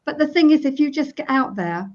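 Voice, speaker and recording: A woman in her fifties, an EFT practitioner appearing as a guest in a casual interview, explains her technique and acts out sample self-talk while tapping. Her voice is high and animated with a darkish tone, and she speaks a little fast. The recording sounds dull and lo-fi.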